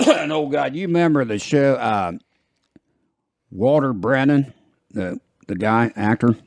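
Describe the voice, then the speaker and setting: Rambling gravelly man in his fifties. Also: mid-range voice, animated, a little slow, darkish tone, no room sound. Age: 50s. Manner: rambling, jokey, laughs at own jokes. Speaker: podcast host. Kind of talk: casual chat.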